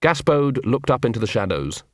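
A man narrating an audiobook in a dry, measured storytelling manner. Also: mid-range voice, sing-song, no room sound. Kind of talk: scripted narration.

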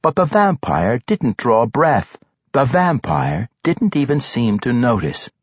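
A man narrating a fantasy audiobook in an expressive, dramatic reading style. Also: mid-range voice, takes it slowly, husky, no room sound, dull audio.

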